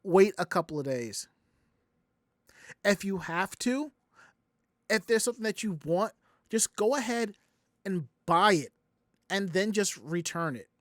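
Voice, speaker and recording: A podcast host from the Southern United States tells a long story on his casual show, animatedly acting out everyone's quoted lines. His voice is high and his pace measured, with long pauses. The studio-quality recording has no echo.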